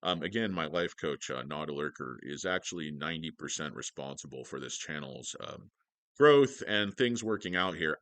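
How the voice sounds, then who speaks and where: Man, casual stock livestream host, rambling sarcastic chat, bright lively voice, dry close sound. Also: low voice, normal speed, dry recording. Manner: joking, sarcastic, rambling with many fillers. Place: home office.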